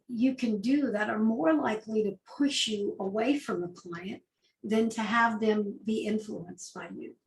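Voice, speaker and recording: A woman's voice: on the high side, a little mellow, echoey room, low-quality recording. A woman, an agile coach, giving a conversational talk with rhetorical questions. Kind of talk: presentation talk.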